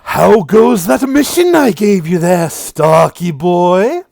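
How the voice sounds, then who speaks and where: Man voicing a sneering demon lord, taunting, gleeful, pitch leaping high, loud and close. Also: expressive, slow pace, creaky, no echo, heavily acted. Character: mocking male demon lord of lies.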